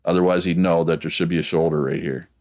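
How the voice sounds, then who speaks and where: A man with a Prince Edward Island accent rambles casually through a game stream, reading chat as he goes. His voice sits low and deep. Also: steady tone, quick pace, darkish tone, soft background music. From Prince Edward Island, Canada. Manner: rambling, chatty, reads chat aloud.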